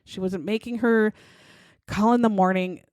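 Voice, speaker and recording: A woman's voice: mid-range voice, fairly even intonation, moderate pace, a little mellow, no room sound. A woman co-hosting a casual true-crime podcast, talking bluntly, swearing freely and acting out what people said. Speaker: podcast co-host.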